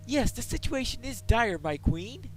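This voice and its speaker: A man's voice: very high voice, sing-song, measured pace, pitched above the performer's own voice, exaggerated voice, rough recording. A man voicing a young male squire who speaks in formal, old-fashioned courtly phrases. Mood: earnest.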